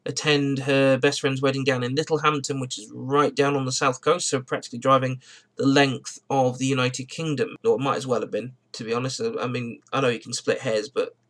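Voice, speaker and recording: A man's voice: mid-range voice, flat delivery, brisk, a bit bright. A man who has just got out of bed, telling a rambling, digressive story to camera in a car vlog and often correcting himself. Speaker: car vlogger.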